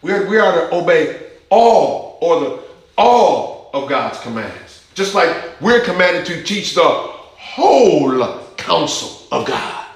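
A man preaching a sermon, emphatic, rising to high urgent questions and dropping to low intense asides. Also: sing-song, takes it slowly, very echoey, low-quality recording.

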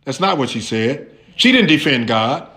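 Animated preacher man, echoey room. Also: mid-range voice, moderate pace. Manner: animated, conversational, addresses listeners directly. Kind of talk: lively sermon.

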